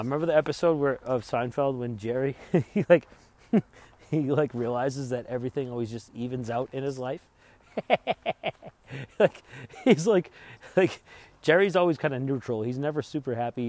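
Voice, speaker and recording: A man's voice: mid-range voice, darkish tone. A man vlogging as he travels, telling a rambling, profane story in casual chat. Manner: rambling, profane, laughs while retelling.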